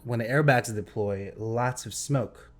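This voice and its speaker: A young man tells a story on a casual podcast, animated and excitable, throwing in sound effects as he goes. His voice sits at an ordinary middle pitch. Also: a little slow. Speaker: podcast host.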